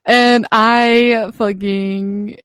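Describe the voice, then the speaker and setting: A woman's voice: fairly high pitch, fairly even intonation, drawn-out words, fairly bright tone, smooth, dry recording. A young woman co-hosting a podcast in casual chat, laughing often and swearing freely. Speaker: podcast co-host.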